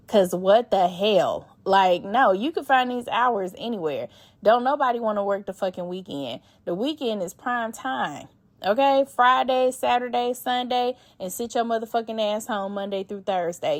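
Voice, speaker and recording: A woman's voice: medium pitch, no room sound. A woman hosting a podcast, reading listener emails and giving blunt, profane, emphatic advice. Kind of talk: casual advice chat.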